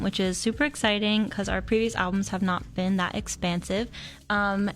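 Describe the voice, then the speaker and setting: Cheerful young woman, mid-pitched. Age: around 20. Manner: cheerful, chatty. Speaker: a cappella group president, interview guest. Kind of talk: casual interview chat.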